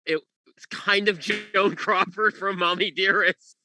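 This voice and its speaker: A man on a video call giving measured, complimentary remarks. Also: high-pitched, fairly even intonation, pushed and bright, slight background noise. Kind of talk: casual chat.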